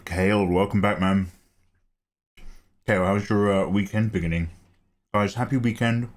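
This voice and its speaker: A man's voice: fairly low pitch, steady tone, moderate pace. A man hosting a casual livestream, greeting viewers by name in a chatty way and laughing often. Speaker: art livestream host.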